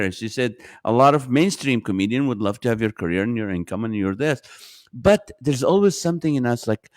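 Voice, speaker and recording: A man's voice: mid-range voice, expressive, fairly quick, no room sound, clean studio sound. A man hosting a podcast, a comedian talking in a loose, rambling way that keeps interrupting itself. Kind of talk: casual chat.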